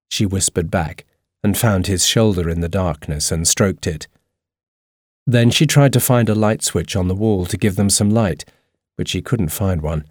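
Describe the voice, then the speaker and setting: A man narrating a storybook in a steady, even reading voice. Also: low voice, husky, no echo, clean studio sound.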